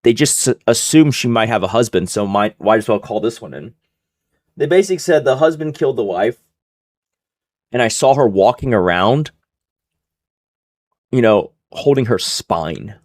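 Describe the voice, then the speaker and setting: A man's voice: mid-range voice, normal speed, long pauses, dry recording, clean studio sound. A young man streaming live, telling a story in a casual, profane way and acting out what others said. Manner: animated, profane, acts out quoted voices.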